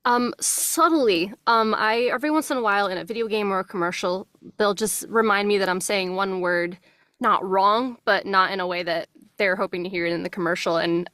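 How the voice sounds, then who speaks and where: A young voice actress, her New Jersey accent faint, keeps a casual interview friendly and relaxed, laughing easily and speaking a little fast in a mid-range voice. The recording, made on a good microphone in her small closet studio at home, is very dry and close.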